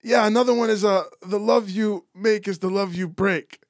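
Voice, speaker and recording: A man voicing an earnest old Portuguese-American man in his sixties who talks in a slow, halting drawl. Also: high voice, fairly even intonation, no echo, studio quality, pitched above the performer's own voice, close to an everyday voice. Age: 60s.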